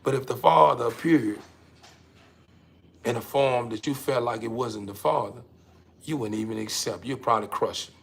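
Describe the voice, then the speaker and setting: A man hosting his own show, delivering a casual, emphatic monologue to the camera that he keeps repeating himself through, swinging between loud and quiet. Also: mid-range voice, normal speed, vocal fry, long pauses, breathy edge.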